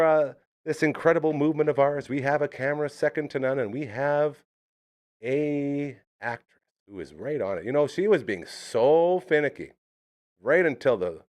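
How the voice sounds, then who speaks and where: A man hosting a live streamed show, rambling and jokey in casual chat. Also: mid-range voice. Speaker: host.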